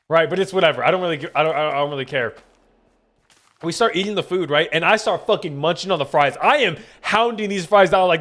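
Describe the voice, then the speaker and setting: A young gaming streamer with a somewhat high-pitched voice tells his chat a long, rambling story from his home setup on a desk mic. He swears freely and acts out every quoted line with animated energy.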